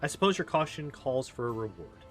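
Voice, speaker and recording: A man's voice: mid-range voice, very animated, a little fast, a bit bright. A man reading aloud as a haughty, scornful female demon queen in a video game, cold and mocking, with faint music behind. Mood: regal.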